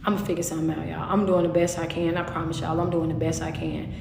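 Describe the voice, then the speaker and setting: A woman, a motivational speaker chatting live with her audience in an animated, direct way. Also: low voice, quick pace, creaky, noisy background. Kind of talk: live stream chat with viewers. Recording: echoey room with long reverb.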